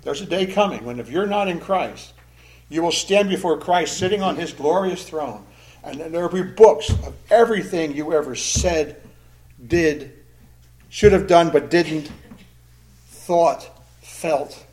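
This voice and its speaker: Earnest preaching man, fairly high voice. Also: measured pace, a little mellow. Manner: earnest, emphatic preaching with rising intensity on key phrases. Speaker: pastor. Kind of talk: sermon.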